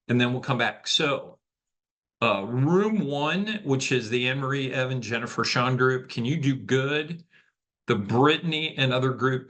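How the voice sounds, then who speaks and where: Over a video call, a man facilitates an online leadership training, speaking conversationally and often checking in with the group with "okay?". His voice is mid-range and fairly bright.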